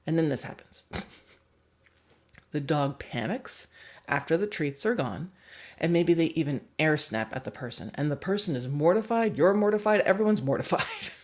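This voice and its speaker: Lively woman teaching about dogs. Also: fairly low pitch, normal speed. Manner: animated, acts out examples with voices. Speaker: dog trainer. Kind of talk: livestream lesson.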